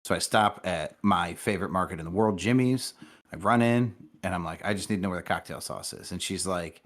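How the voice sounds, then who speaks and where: A man's voice: low voice, brisk. A man co-hosting a podcast, telling casual stories with plenty of swearing. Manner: profane, excitable storytelling. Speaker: podcast co-host.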